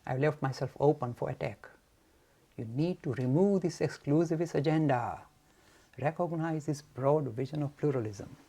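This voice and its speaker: A man from India gives a frank, forceful lecture on Hinduism to students. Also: on the high side, normal speed, vocal fry. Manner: forceful, frank, animated, mock-arrogant.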